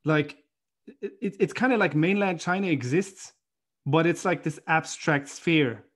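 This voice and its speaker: A man hosting a casual conversation, telling stories in a rambling, animated way with lots of fillers. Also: on the high side, a little slow.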